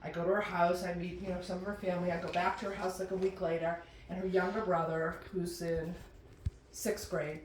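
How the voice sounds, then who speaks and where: A middle-aged woman doing stand-up storytelling in a chatty, animated way, jumping into high voices when she quotes people. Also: brisk, slight background noise. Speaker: comedian telling a personal story. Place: room with a live audience. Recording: roomy, distant mic with faint ambience.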